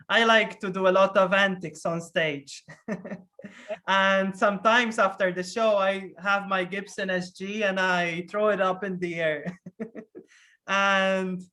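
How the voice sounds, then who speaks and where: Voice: medium pitch, pushed and bright. A rock guitarist from Malta with a Maltese accent, chatting in an interview and often restarting sentences. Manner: hesitant, with frequent restarts and laughter. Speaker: rock band guitarist, guest. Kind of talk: casual interview chat.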